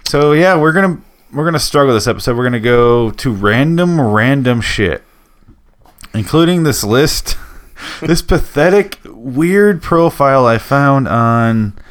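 A man's voice: medium pitch, animated, a little slow, smooth. Crude, joking male podcast co-host. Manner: joking, crude, drawls lazily on purpose. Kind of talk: casual late-night chat.

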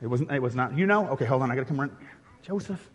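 A man's voice: mid-range voice, animated, rapid-fire, slightly rough. A male pastor, casually directing a congregation through a nativity skit, chatty and laughing often. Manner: playful and chatty, laughing often, with many restarts. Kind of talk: interactive Christmas sermon, directing a live nativity skit. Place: church sanctuary. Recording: long reverb from a large hall.

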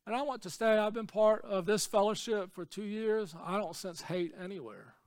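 High-voiced preaching man, hushed to shouting. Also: moderate pace, smooth, no echo, studio quality. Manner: swings between hushed, low asides and shouted, repetitive preaching. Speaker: pastor. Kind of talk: sermon.

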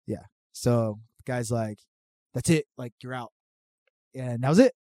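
A man's voice: medium pitch, measured pace, dry recording, clean studio sound. A man telling a story in casual chat, swearing freely and acting out what others said. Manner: profane, animated storytelling. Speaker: podcast guest telling a story.

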